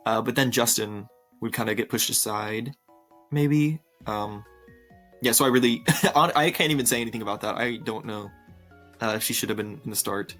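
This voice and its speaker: A man's voice: on the low side, moderate pace, a bit bright, soft background music. A young man chatting casually with many ums and likes, giggling often while reacting to viewer opinions on a cartoon series. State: tired. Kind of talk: casual commentary.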